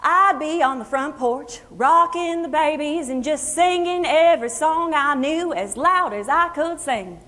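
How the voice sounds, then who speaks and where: Actress as a high-voiced Kentucky hill-country singer, folksy and chatty, Appalachian accent, echoey hall. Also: female voice, pushed and bright. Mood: reminiscing. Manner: folksy, chatty, unhurried storytelling. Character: homespun Kentucky country singer woman, plainspoken, fond storyteller. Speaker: actress in a historical portrayal. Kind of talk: first-person historical monologue. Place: luncheon hall before an audience. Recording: echoey hall with long reverb.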